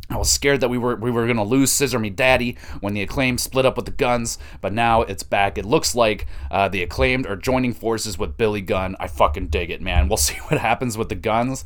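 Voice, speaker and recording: Excitable man recapping wrestling, profane. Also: mid-range voice, fairly quick. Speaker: podcast host.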